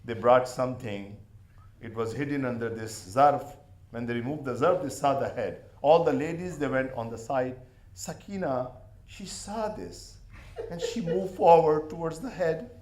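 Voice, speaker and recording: A man's voice: mid-range voice, measured pace, darkish tone, echoey room. A man delivering a mourning sermon, telling the story with passion. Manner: impassioned storytelling. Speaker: majlis speaker.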